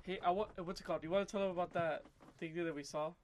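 A young man co-hosting a podcast in casual chat, animated and quick to tease his co-host. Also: high-pitched, crowd noise.

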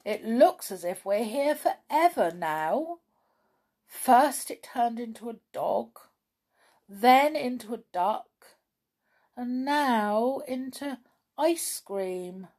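A woman voicing an excitable young male pixie in a children's storybook reading, with urgent, dramatic exclamations. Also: on the high side, slow, pitched above the performer's own voice. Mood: glum.

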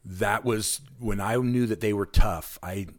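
A man from Alaska, a podcast guest, telling a long, excited anecdote in casual chat and acting out the people in it. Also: on the low side, a little slow. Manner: excited, rambling anecdote with lively quoted voices.

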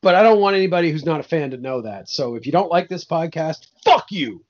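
A man co-hosting a podcast, chatting casually with deadpan, sardonic humor. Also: fairly high pitch, fast talker, lo-fi sound, slight background noise. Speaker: podcast co-host. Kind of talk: casual comedic chat.

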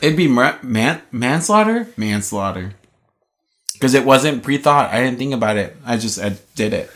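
A woman's voice: rumbling low, a little fast. A woman in casual chat, bantering about a film in a playful, blunt way.

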